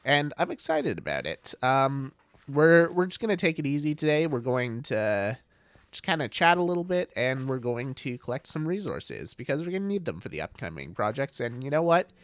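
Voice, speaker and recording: A man's voice: mid-range voice, sing-song, normal speed, dry recording. A man streaming a game live, chatting casually and greeting viewers, with many fillers. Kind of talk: casual livestream chat.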